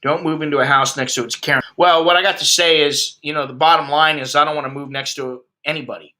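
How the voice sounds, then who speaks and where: A fast-talking American man in his fifties, his voice on the high side, steady in tone, and pushed and bright. He's an expat vlogger ranting bluntly and profanely during a livestream chat with his viewers.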